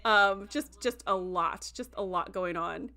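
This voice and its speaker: A young adult woman recapping an episode in a casual livestream, animated and full of fillers, acting out quoted reactions as she goes. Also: medium pitch, a little slow. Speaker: show reviewer.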